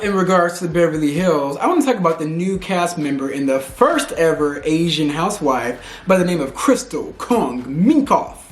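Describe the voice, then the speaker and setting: A man from Houston giving frank, slangy, animated pop culture commentary in a casual vlog. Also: on the high side. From Houston, Texas. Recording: echoey room.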